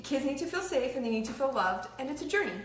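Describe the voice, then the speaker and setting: A woman's voice: sits high, animated, quick pace, echoey room. A woman co-hosting a casual parenting talk, earnest and emphatic. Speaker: co-host.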